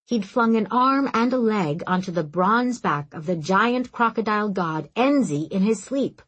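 A woman narrates a fantasy audiobook in a calm, even storytelling voice. Her tone is husky and breathy, at a middle pitch. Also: measured pace, low-quality recording. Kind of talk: scripted narration.

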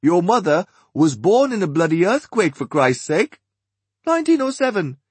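A man's voice: sits high, sing-song, moderate pace, darkish tone, husky, no room sound, voice pushed up, heavily acted. A man voicing a hearty, blustering middle-aged Englishman.

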